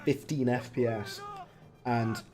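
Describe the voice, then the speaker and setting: A man's voice: mid-range voice, fairly even intonation, slow. A young man chatting casually on a stream, reading chat and reacting with a rambling, laughing manner. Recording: faint music behind. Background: faint music.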